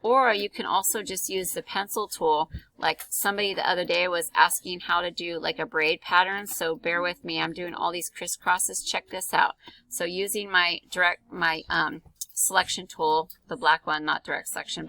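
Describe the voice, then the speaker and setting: A woman's voice: fairly low pitch, fairly even intonation, normal speed, vocal fry, sharp tone, low-quality recording. A woman art teacher talking through a drawing tutorial in a casual, chatty way, with many ums and likes. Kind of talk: screen-recorded drawing tutorial.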